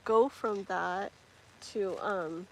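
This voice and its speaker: A woman's voice: medium pitch, extremely slow, a little hiss or hum, low-quality recording. A woman giving tarot readings on a live stream, chatty and rambling with many fillers and restarts. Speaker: tarot reader.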